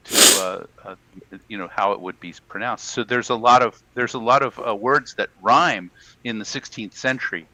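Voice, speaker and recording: Casual male podcast co-host, low-ish bright voice, rambling and jokey, fillers galore, faint noise. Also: poor audio. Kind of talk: casual chat.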